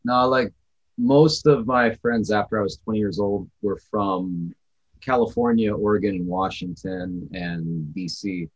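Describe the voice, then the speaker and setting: A man's voice: lowish voice, measured pace, lo-fi sound. A man from Wisconsin, co-hosting a casual podcast chat, telling stories in a reflective, rambling way. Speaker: podcast co-host.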